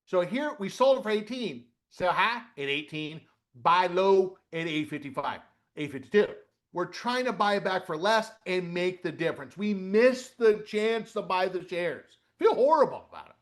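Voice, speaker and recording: Middle-aged male webinar coach, high-pitched, lively, walks through a screen while quizzing the audience. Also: normal speed. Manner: animated, repeats "okay?" and asks questions out loud. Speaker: trading coach. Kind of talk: live webinar instruction.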